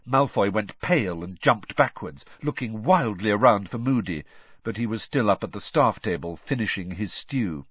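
A man reading a novel aloud as an audiobook narrator in an expressive storytelling manner. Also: mid-range voice, normal speed, dry recording. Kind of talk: scripted narration. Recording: dry, slightly muffled.

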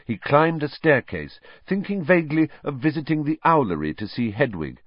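A man narrating an audiobook with expressive storytelling. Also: a little high, moderate pace, no room sound. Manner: expressive storytelling, varied voices. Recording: dull lo-fi dry recording.

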